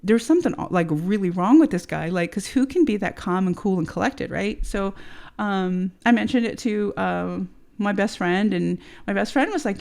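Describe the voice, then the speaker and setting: A woman in her thirties from the United States, appearing as a podcast guest, casually tells a personal story in a candid chat, full of fillers, swearing and rhetorical "right?" questions. Her mid-range voice is animated, creaky and a little mellow, at a moderate pace.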